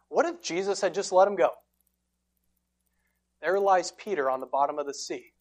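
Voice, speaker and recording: A woman preaching a sermon, telling the story dramatically and swinging between loud, forceful lines and hushed ones. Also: on the low side, normal speed, pauses often.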